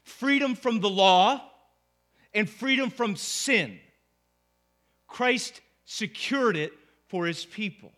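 Bright-voiced man preaching a conversational sermon. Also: high voice, lively intonation, slow pace, long pauses. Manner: conversational, asks the congregation "right?". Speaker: pastor.

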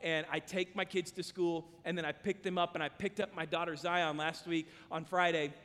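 A man's voice: a little high, fairly even intonation, normal speed, a bit bright. A man preaching a sermon as pastor, earnest and emphatic, mixing scripture with personal stories. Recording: long hall reverb.

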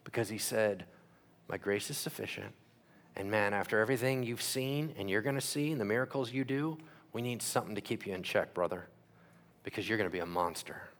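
A man preaching a sermon as pastor, asking the crowd questions and acting out quick voices. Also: on the low side, a bit bright.

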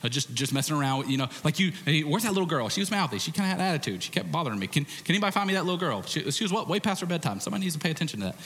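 A man's voice: fairly high pitch, very animated, very fast, hardly any pauses, a bit bright, long reverb tail. A man voicing a flustered male disciple who makes sheepish, rambling excuses.

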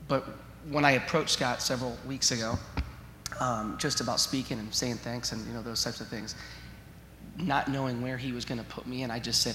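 A man's voice: medium pitch, pushed and bright, slight background noise. A man, a school principal, speaking as a guest at a church service, hesitant, with many fillers. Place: church sanctuary. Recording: roomy echo with long hall reverb.

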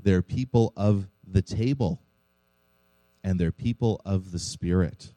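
A man's voice: deep voice, slow pace, mellow, no room sound, poor audio. A man preaching a sermon as pastor of a church, earnest, with rhetorical questions to his congregation.

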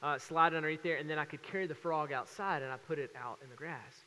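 A man in his thirties preaching a sermon as pastor, telling stories with lively acted-out voices. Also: fairly high pitch, fast talker, big-room sound. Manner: animated storytelling with acted voices.

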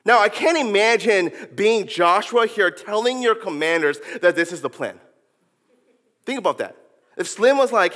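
A man preaching a sermon, animated, acting out biblical characters with casual slang. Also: sits high, normal speed, long reverb tail.

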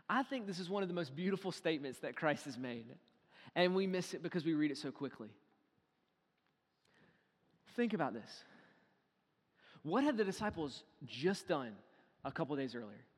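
High-voiced preacher in a reverberant hall. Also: male voice, sing-song, measured pace, pauses often, breathy edge. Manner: dynamic preaching, swinging from hushed to loud and acting out quotes. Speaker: pastor. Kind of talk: sermon. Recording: long reverb in a large hall.

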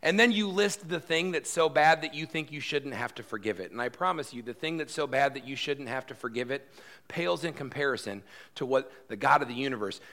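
A man's voice: medium pitch, a little fast, a bit bright. Emphatic conversational male preacher. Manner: emphatic, conversational, acts out quotes. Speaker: pastor. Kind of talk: sermon.

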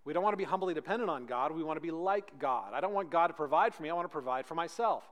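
A man's voice: on the high side, lively intonation. Man preaching in a reverberant hall. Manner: dynamic preaching, swinging between loud emphatic peaks and hushed slow lines. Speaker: pastor. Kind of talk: sermon.

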